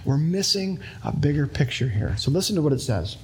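Male pastor, 30s, breathy and slightly high voice, chatty sermon with everyday examples. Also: very animated, fairly quick, darkish tone. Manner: conversational, explaining with everyday examples.

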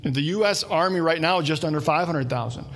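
Husky-voiced man preaching a sermon. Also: on the high side, lively intonation, quick pace, fairly bright tone. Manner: conversational, digressive, with asides to listeners. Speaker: pastor.

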